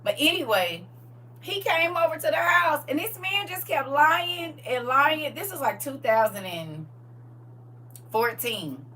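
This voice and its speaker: Her high voice keeps a measured pace as this middle-aged livestream host tells her viewers a casual story. Laughing and animated, she acts out each quote, and the audio comes through a distant mic with a faint hum.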